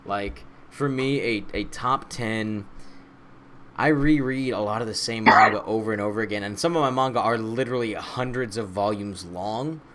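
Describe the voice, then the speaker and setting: A man hosting a casual podcast chat, asking questions in a playful, animated way. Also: lowish voice, normal speed, background noise. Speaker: podcast host.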